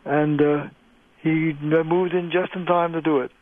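A male linguist, a guest on a radio interview, explaining in a measured way with frequent pauses over the phone. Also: a little high, level tone, dry recording. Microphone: telephone. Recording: tinny phone line, dry.

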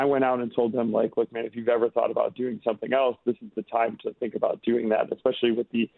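A man, a chef and restaurant co-owner, speaking as a radio guest in a halting way with many fillers and restarts, heard over a phone line. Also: mid-range voice, creaky, husky, no echo.

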